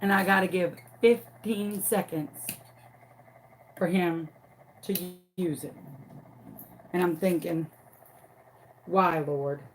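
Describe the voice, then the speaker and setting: A woman telling a dramatic story in a casual, animated way while crafting at home. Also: fairly low pitch, slow pace, pauses often, slight background noise. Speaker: crafting vlogger and teacher.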